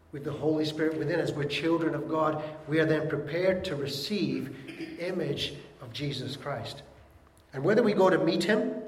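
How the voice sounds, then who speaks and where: A man preaching a sermon, earnest and plain-spoken, dropping softly on key words and joking with the congregation. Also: fairly high pitch, slight background noise. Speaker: pastor. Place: church hall. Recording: echoey church hall.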